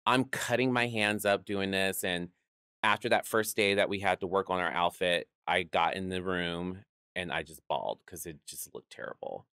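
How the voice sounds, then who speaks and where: A man's voice: low voice, fairly even intonation, normal speed, sharp tone, smooth, no echo, clean studio sound. A man telling stories as a guest in an interview, acting out quoted voices and laughing often. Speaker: guest, drag performer. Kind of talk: storytelling interview chat.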